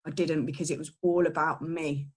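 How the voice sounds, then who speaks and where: A middle-aged woman giving an earnest personal testimony, halting and full of restarts and fillers. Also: sits low, level tone, husky. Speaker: person in recovery sharing a story.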